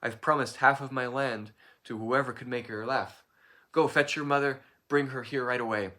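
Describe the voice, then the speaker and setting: A man voicing an excited country squire and father who speaks with urgency and a raised voice. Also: medium pitch, normal speed, voice pushed up, close to an everyday voice. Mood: urgent.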